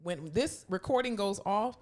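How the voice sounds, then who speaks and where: A woman co-hosting a podcast in casual chat, candid, laughing often and acting out quotes loudly. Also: medium pitch, normal speed. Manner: animated storyteller, acts out quotes loudly. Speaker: podcast co-host.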